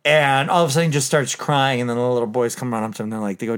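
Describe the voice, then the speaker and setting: A man's voice: medium pitch, steady tone, rapid-fire, clean tone. A man in casual podcast chat, retelling a movie's scenes and acting out the characters' lines. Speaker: podcast co-host.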